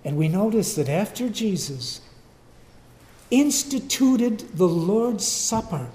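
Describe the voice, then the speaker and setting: A man preaches a sermon at a slow, deliberate pace, dropping low and quiet, then rising into loud, emphatic bursts. His voice sits a little high. The room around him is echoey, as in a church hall. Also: very animated.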